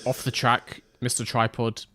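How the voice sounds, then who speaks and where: A man's voice: medium pitch, monotone, moderate pace, bright, forceful tone. A man streaming a driving game live, chatting loosely with his viewers on a close desk mic and rambling through side remarks. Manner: chatty, rambling, answers chat with asides. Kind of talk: live gameplay stream chat.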